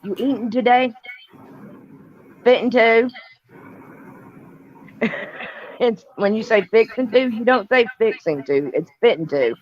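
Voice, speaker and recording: A woman's voice: fairly high pitch, animated, normal speed, muffled recording. A woman with a Tennessee Southern accent chatting on a video call, folksy with dry humor. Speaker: livestream guest. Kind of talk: casual chat.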